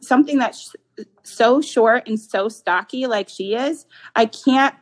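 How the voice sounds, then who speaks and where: Chatty woman with a high voice. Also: poor audio. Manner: chatty, rambling, with many fillers. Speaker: guest, dog owner. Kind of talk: casual interview chat.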